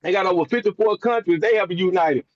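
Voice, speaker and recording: A man's voice: high-pitched, a little fast, dull audio. A man calling in from inside his truck, talking earnestly and often stammering and repeating words. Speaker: call participant. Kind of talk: casual call-in talk. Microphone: online call.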